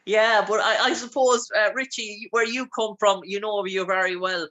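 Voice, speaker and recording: A man's voice: high-pitched, fairly even intonation, normal speed, sharp tone, rough recording. A man from Ireland with an Irish accent, interviewing a guest with long, rambling, filler-heavy questions. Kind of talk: casual interview chat.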